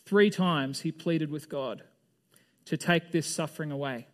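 A man's voice: a little high, measured pace. A man preaching a sermon as a pastor in a loose, conversational way. He asks his listeners questions and often restarts or trails off mid-sentence.

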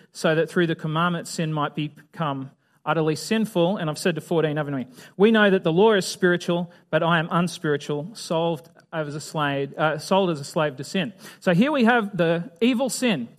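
High-voiced man teaching the Bible. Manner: chatty, asks the audience questions, acts out voices. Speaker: preacher.

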